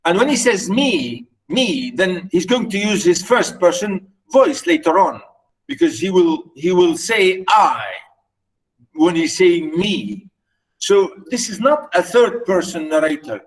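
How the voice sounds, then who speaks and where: A man whose first language is Arabic lecturing on literature, explaining slowly with repeated words and many fillers. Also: sits high, big pitch swings, far from the mic, low-quality recording. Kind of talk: recorded lecture.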